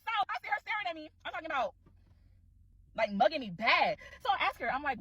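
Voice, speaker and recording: Fast, animated woman telling a storytime. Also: high voice, no echo, muffled recording. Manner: animated, exclaiming, talks to viewers as y'all.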